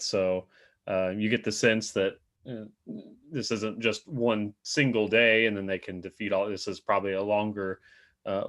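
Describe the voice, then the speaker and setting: A man's voice: fairly low pitch, a bit bright. A man co-hosting a Bible study show, discussing a passage in a hesitant, casual way with many fillers. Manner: hesitant, trailing off, frequent fillers.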